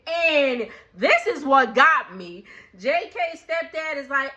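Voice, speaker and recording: A woman recapping a reality show in a casual, animated way, laughing often and acting out what people said. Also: high-pitched, unhurried, muffled recording. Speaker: recap vlogger.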